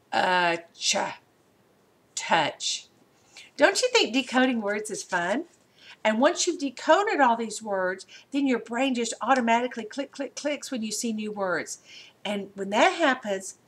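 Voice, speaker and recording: Patient woman teacher, slow and encouraging, sounding out phonics on a webcam. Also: medium pitch, breathy edge. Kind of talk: mock phonics lesson.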